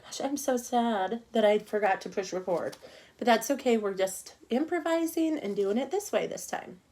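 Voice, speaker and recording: A woman's voice: on the high side, expressive, normal speed. A middle-aged woman teaching an online cupcake decorating class, chatting casually and talking to herself as she works. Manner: chatty, talks to herself while working, soft murmurs.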